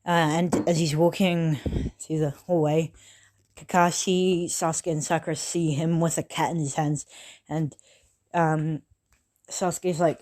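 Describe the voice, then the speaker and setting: A person improvising a fan-fiction story at home in a loose, unscripted way, stopping often to correct themselves. The talk is casual and peppered with swearing, and the pitch sits in a middle range. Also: little pitch movement, a little slow, a little mellow. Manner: rambling, loose and unscripted, full of self-corrections.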